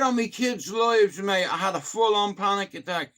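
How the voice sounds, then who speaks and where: A Dublin Irish man chatting casually on a live stream, telling animated stories and swearing freely. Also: sits high, normal speed, few pauses.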